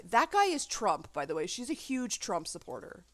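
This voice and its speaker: A woman's voice: on the high side, sing-song, normal speed, dry recording. A woman making a reaction video, ranting with indignation and swearing freely in casual commentary.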